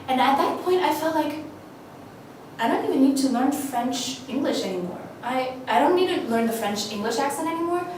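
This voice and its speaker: A young woman from China, a native Mandarin speaker with an American accent, giving an eager, animated audition monologue to camera and often restarting her sentences. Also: sits high, slight background noise. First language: Mandarin Chinese. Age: 20s. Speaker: actress auditioning. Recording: echoey room, mic far off.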